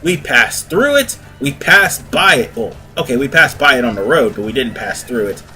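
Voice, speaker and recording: A man's voice: mid-range voice, sing-song, normal speed, pushed and bright, faint music behind. A man giving casual, rambling let's-play commentary as host of a gaming video, often correcting himself. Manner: chatty, rambling, self-correcting.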